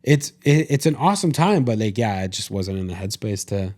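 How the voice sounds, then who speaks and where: A man's voice: fairly low pitch, lively intonation, fairly quick, darkish tone. A young adult man co-hosting a podcast, telling a story in casual chat, rambling and correcting himself as he talks to listeners. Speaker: podcast co-host.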